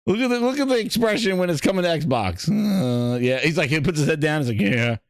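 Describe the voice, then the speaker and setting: A man hosting a live gaming stream, reacting with loud laughter, swearing and repeating himself. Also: on the high side, fast talker, no echo, clean studio sound. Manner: excitable, laughing, profane, repetitive.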